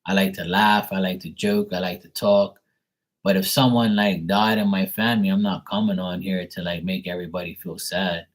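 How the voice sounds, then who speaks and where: A man's voice: low-pitched, steady tone, normal speed, rough recording. Rambling, chatty man on a livestream. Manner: rambling, chatty, swears freely, laughs often. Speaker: tarot reader. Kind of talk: casual live-stream talk.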